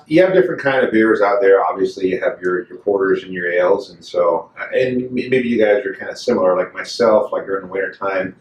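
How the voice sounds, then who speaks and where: A man's voice: low voice, brisk, few pauses. A man co-hosting a casual beer-tasting chat, hesitant and full of fillers. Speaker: podcast co-host. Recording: echoey room, mic far off.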